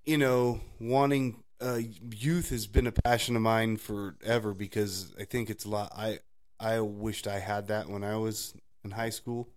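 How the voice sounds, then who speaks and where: Casting: low-pitched man, chatty podcast co-host, rambling, laughs a lot. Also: a little slow. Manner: rambling, laughs often, animated storytelling. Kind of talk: casual faith chat.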